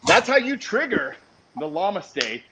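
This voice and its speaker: Whooping high-voiced man on a live stream. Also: moderate pace. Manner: excitable, whooping shout-outs to viewers. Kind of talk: casual live-stream chat. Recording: muffled live stream with background noise.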